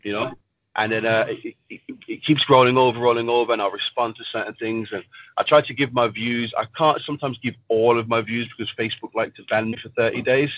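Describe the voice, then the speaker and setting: A man talking about himself in a casual interview, blunt and quick to swear. His voice sits in an ordinary middle pitch. The sound is muffled and lo-fi, like a radio broadcast. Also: fairly even intonation. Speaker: pro fighter guest.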